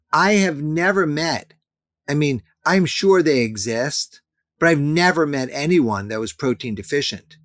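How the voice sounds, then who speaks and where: A man's voice: medium pitch, dry recording, studio quality. A man in his fifties, a guest in an interview, talking earnestly and emphatically, repeating his key points. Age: 50s. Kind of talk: interview conversation.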